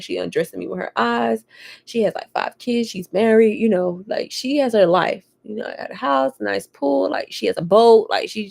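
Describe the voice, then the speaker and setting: A woman vlogging at home, telling stories in a candid, profane, lively way. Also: mid-range voice, gravelly. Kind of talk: casual chat to camera.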